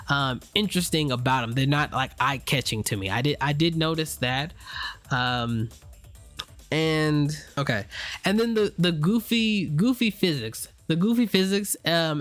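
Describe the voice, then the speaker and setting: A man talks through a casual, unscripted review, sitting a little high in his register. He meanders with fillers and restarts and drops slang and curses freely. Soft music plays quietly underneath. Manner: rambling, loose and unscripted, frequent fillers and restarts. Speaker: anime reviewer.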